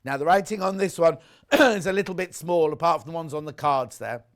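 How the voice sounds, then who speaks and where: A man presenting on a live shopping channel, chatting warmly about fabrics and reading out viewer messages. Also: fairly high pitch, expressive, fairly quick. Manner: chatty, gushing over products, reads viewer messages aloud. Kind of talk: live TV sales chat. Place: TV studio.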